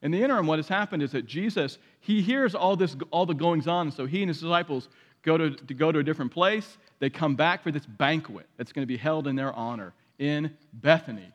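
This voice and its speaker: Male pastor, high voice, sermon, dramatic scripture reading, long hall reverb. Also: lively intonation, brisk, highs cut off.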